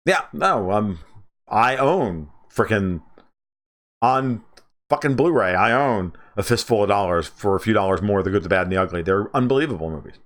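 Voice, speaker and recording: A man in his forties hosts a livestream about movies, speaking at a normal speed in a casual, profane, emphatic style. He often restarts his sentences, and his pitch jumps up when he gets excited.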